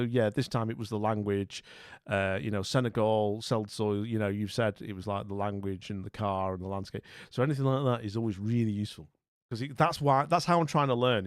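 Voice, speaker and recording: A chatty male streamer who rambles and thinks out loud, greeting viewers as he goes. His voice sits at an ordinary middle pitch. The sound is close and dry. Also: no room sound. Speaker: streamer playing a geography guessing game. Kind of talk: casual live-stream commentary.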